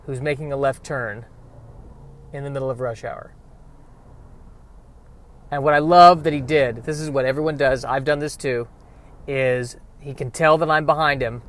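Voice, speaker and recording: A man's voice: mid-range voice, a bit bright. A man rambling sarcastically to the camera while driving in traffic. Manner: sarcastic, wry. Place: inside a car in traffic.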